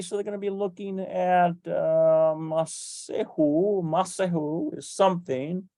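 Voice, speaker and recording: With no room sound, a Hebrew teacher's medium-pitched, slightly mellow voice leads a grammar lesson. The speaker spells out letters and vowels step by step, thinking aloud with fillers and correcting themselves along the way.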